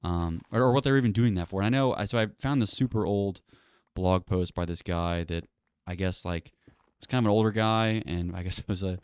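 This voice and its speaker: A man hosting his own show in a loose, rambling monologue, sarcastic and profane. He talks fast in a low, smooth voice, in a dry, close recording. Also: a little mellow, dry recording. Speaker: channel host. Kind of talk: casual solo monologue.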